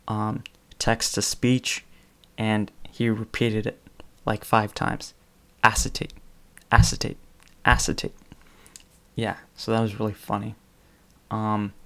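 This man's lowish voice rings clear and resonant as he retells amusing stories for a spoken presentation. He keeps it casual and chatty, using fillers and chuckling now and then between phrases.

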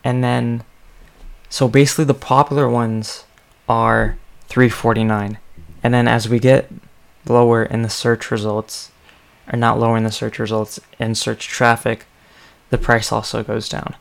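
Slow, gravelly-voiced man musing aloud. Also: medium pitch, level tone. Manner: rambling, thinking aloud with many ums. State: sleepy, yawning. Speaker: podcast host. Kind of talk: casual solo podcast talk.

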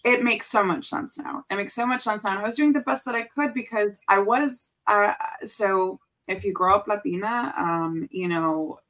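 A woman's voice: mid-range voice, normal speed, hardly any pauses. A woman in her thirties, a podcast guest, talking candidly in casual conversation and mixing in Spanish phrases. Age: 30s. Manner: candid, animated storytelling with frequent fillers and Spanish phrases.

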